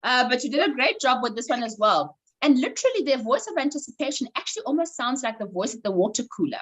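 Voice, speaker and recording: Brief: woman, vocal coach on a video call, lively swooping pitch, slightly high, instructive. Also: fast, slightly rough, rough recording. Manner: animated, instructive, coaxing participants. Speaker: voice coach running a workshop. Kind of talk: online workshop coaching.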